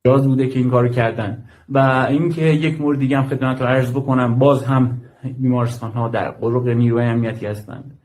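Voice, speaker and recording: A man who works with an aid group gives testimony in an interview. His voice is dark and mellow, and he speaks very fast. His delivery is formal, broken up by fillers. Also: medium pitch, fairly even intonation. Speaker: guest, aid worker.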